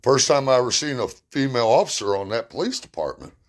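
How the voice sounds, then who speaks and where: A man's voice: medium pitch, lively intonation, quick pace. Blunt, plain-spoken man telling stories. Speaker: storyteller. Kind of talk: personal storytelling.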